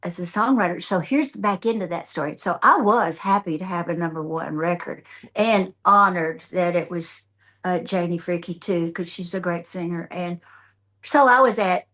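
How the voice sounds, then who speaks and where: An older woman from the United States, a country songwriter and guest, telling a long story in a casual interview, jumping into other people's voices as she goes. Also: on the low side. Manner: animated, acts out others' voices in her anecdotes. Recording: remote.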